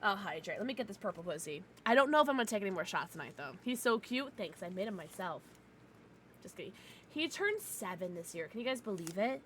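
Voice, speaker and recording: A young woman streamer chatting casually with her viewers from a home setup, loud, giggly and profane, her nose stuffed up from crying. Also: mid-range voice, big pitch swings, quick pace, a little hiss or hum. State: congested from crying. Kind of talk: casual livestream chat.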